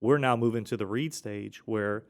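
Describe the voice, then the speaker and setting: On his laid-back accounting podcast, a man tells stories about clients at a normal pace in a fairly low voice. His delivery wanders, full of self-corrections and restarts, with the occasional cough.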